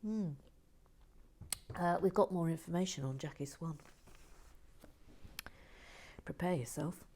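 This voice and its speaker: A woman chats casually as she builds, taking her time over every word in a lowish voice. She is playful and teasing, and often slips into soft whispered asides. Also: slow, slight background noise. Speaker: LEGO building vlogger. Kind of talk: casual chat while building and reading comments.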